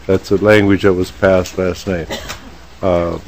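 A man chairing a legislative committee meeting in a formal, halting way, pausing often on fillers. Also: low voice, flat delivery, low-quality recording. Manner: halting, frequent filler pauses.

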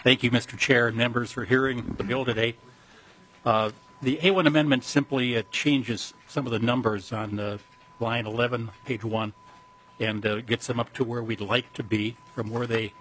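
A man, a state representative, presenting his bill to a committee in a halting way with many restarts. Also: medium pitch, fairly even intonation, fairly bright tone, a little hiss or hum, low-quality recording. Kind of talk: legislative testimony.

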